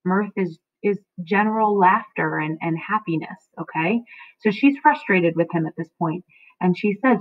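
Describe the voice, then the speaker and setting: Explaining a play to her class, a woman teacher speaks at a moderate pace in a lowish voice, often pausing to ask "okay?" The audio is dry with no echo and has a tinny, phone-like quality.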